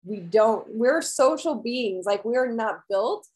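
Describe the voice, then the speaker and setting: A woman's voice: fairly high pitch, expressive, slow pace, darkish tone, rough recording. A woman wellness coach giving an earnest, encouraging motivational talk to her viewers, repeating key phrases and often asking "right?".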